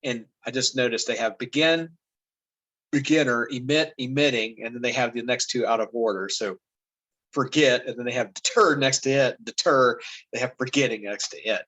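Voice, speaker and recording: A man talks through a spelling lesson as an informal commentator, pausing often and restarting his sentences. His voice is of middle pitch and sounds easygoing, like a teacher thinking aloud over the material. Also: poor audio. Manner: relaxed and halting, with many fillers and restarts. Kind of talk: casual spoken commentary.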